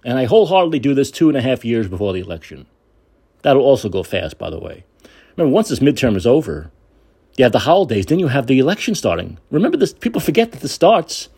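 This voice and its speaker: A man's voice: mid-range voice, big pitch swings, fast talker, creaky, dark tone, slightly rough. A man hosting a podcast, giving an angry, sarcastic and profane political rant. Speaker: podcast host.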